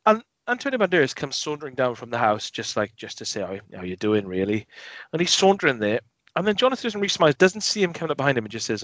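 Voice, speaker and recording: Podcast co-host, male, lively storyteller who acts out scenes; lo-fi dry recording. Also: fast, no room sound. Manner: animated, mimics film scenes in a lowered voice. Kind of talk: casual film review chat. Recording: dull lo-fi dry sound.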